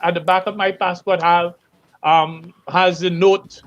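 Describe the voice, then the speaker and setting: Give me a high-pitched man telling a lively anecdote. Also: measured pace, lo-fi sound. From Saint Lucia. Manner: animated storyteller, acts out other people's lines, chuckles often. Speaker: panel guest. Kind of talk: anecdotal storytelling.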